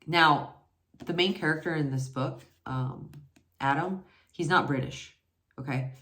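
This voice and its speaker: Woman in her forties, low voice, slow unhurried talk, chatty and rambling, echoey room. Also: a bit bright. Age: 40s. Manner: chatty, rambling, lots of fillers and self-corrections. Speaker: book reviewer. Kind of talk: casual book review chat.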